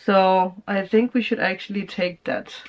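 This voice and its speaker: A woman's voice: medium pitch, fairly even intonation, unhurried. A woman giving a casual tarot reading, chatty and laughing often as she acts out people's reactions. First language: Danish. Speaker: tarot reader. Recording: slightly dull lo-fi sound.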